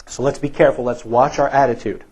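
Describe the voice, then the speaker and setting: A man's voice: mid-range voice, fairly even intonation, quick pace, a little mellow, husky, rough recording. A male pastor preaching a sermon in a church, emphatic and repetitive, asking the congregation rhetorical questions.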